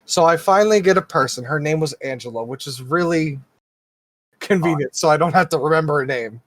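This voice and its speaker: A man's voice: a little high, fairly quick, dry recording. Guy on a podcast ranting through a story, swears a lot, dry close sound. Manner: animated, exasperated storytelling with swearing. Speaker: podcast co-host. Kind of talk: casual chat.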